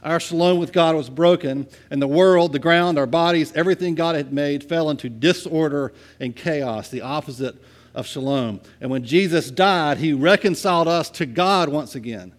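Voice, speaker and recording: Male pastor, fairly high voice, chatty sermon delivery, dips soft then pushes loud. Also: moderate pace. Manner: conversational, asks "right?" often, swings from soft to loud.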